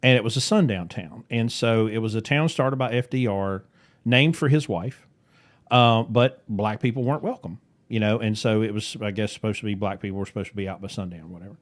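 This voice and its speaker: A man's voice: on the low side, fairly quick. A man with a West Virginian accent, co-hosting a podcast in casual chat, telling rambling, jokey stories in a folksy way. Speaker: podcast co-host.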